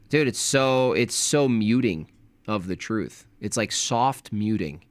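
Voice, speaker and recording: An irritated man rants through a livestream, mocking his targets in mimicking voices. His voice sits at a middling pitch, recorded close and dry with no room sound. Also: slow pace, no room sound. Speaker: commentator. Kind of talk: heated livestream commentary.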